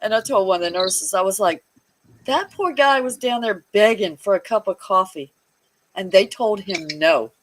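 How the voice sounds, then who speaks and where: Mid-range in pitch and moderate in pace, a woman guest tells a personal hospital story conversationally, on a low-quality recording with a little hiss or hum. She laughs frequently and animatedly voices the characters she quotes.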